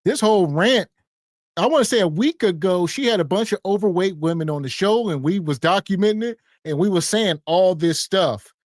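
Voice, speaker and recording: A man's voice: sits high, animated, moderate pace, dry recording, clean studio sound. A man hosting a podcast, wryly commenting on clips in casual talk. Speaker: podcast host.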